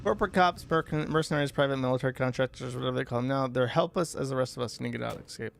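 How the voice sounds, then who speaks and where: A man's voice: mid-range voice, rapid-fire, vocal fry, a little hiss or hum. A man giving rambling, joking let's-play commentary as he plays a horror game, swearing now and then. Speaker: gaming streamer.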